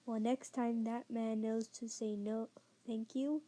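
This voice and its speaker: A woman's voice: on the high side, little pitch movement, slow, dark tone, rough recording. A woman reading as a hot-tempered young man. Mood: angry.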